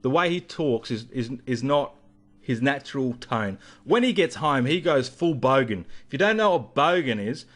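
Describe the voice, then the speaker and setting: A man's voice: medium pitch, animated, normal speed. A man in a vlog, ranting and rambling through a story with heavy swearing. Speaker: vlogger.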